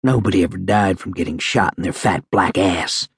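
A man voicing a calm, curt male army medic who speaks low and evenly. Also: moderate pace, vocal fry, slightly rough, no echo, clean studio sound, exaggerated voice.

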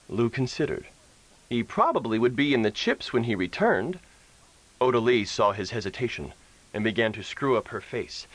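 A man narrating a western audiobook in a mid-pitched voice. His intonation rises and falls freely as he tells the story. The sound is close and dry, with no room around it. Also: expressive, normal speed, dry recording, poor audio. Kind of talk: scripted narration.

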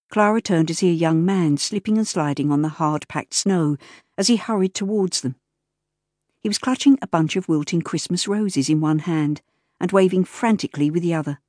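A woman narrating an audiobook in a measured, even storytelling manner, recorded close in a studio. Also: on the low side, dry recording. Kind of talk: scripted narration. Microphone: close studio mic.

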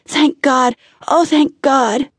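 A woman's voice: on the high side, normal speed, darkish tone, slightly rough, no room sound, clean studio sound. A woman narrator voicing Maggie, a young woman who is tearful and pleading with her lover. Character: grown woman Maggie, frantic then tender.

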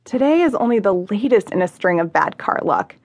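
A woman reading her own memoir as an audiobook, wry and self-mocking, with lively dialogue. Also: medium pitch, brisk, vocal fry, breathy edge, no echo. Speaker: author narrating her memoir. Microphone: close studio mic.

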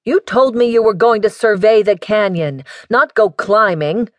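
A woman voicing a gruff, protective older male professor who scolds his grown daughter, with her voice raised in pitch. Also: measured pace, dry recording, close to an everyday voice. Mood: scolding. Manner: scolding, bossy.

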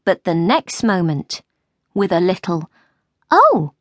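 A woman reading an abridged children's classic as an audiobook narrator, with clear, lively storytelling. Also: medium pitch, slow, no echo, studio quality. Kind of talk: scripted narration.

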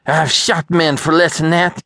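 A man's voice: high voice, unhurried, a bit bright, no echo, studio quality, voice pushed up. A man voicing a fiery, hot-tempered little rebel in an audiobook, quarrelsome and sneering. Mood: enraged. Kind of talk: audiobook character voice.

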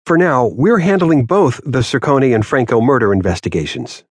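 A man's voice: mid-range voice, expressive, moderate pace, husky, no room sound, pitched above the performer's own voice. A man voicing an irritated, no-nonsense female police detective. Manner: clipped, impatient. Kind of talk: audiobook character voice.

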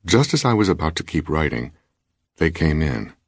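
Very deep, husky male audiobook narrator. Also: very animated, normal speed, no room sound. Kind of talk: scripted narration. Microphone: close studio mic. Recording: dry studio booth.

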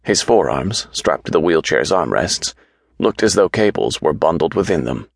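A man narrating an audiobook in a measured, even storytelling manner, recorded on a close studio mic. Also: sits low, vocal fry, breathy edge, no echo.

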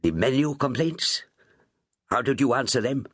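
A man's voice: medium pitch, expressive, moderate pace, fairly bright tone, breathy edge, no echo, studio quality, pitched above the performer's own voice. A man voicing a small, polite and anxious shipping agent in an audiobook. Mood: courteous. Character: small fussy Indian shipping agent, middle-aged. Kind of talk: audiobook character voice.

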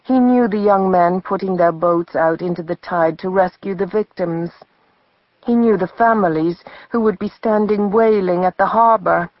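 A woman narrating a novel as an audiobook in a measured storytelling manner. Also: mid-range voice, no room sound, highs cut off. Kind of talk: scripted narration.

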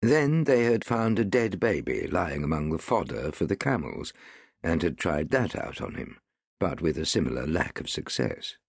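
A man narrating an audiobook in an expressive, wide-ranging storytelling manner. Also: sits low, moderate pace, vocal fry, husky, no room sound, studio quality. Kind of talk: scripted narration.

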